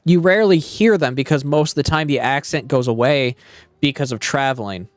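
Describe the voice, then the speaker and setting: A man's voice: medium pitch, brisk, no room sound, soft background music. A man chatting casually while playing a game, answering questions from his chat. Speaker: gaming streamer. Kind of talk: casual gameplay commentary.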